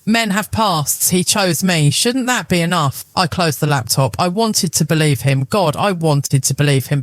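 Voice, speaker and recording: A man's voice: sits high, a bit bright, no room sound. A man giving dramatic, emotional first-person narration of a scripted story.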